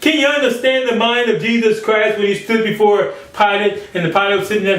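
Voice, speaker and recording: A man's voice: sits high, fairly even intonation, brisk, hardly any pauses, fairly bright tone, roomy sound, distant mic, low-quality recording. A man preaching a sermon, acting out quoted speakers in changing voices. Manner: acts out biblical quotes in shifting voices.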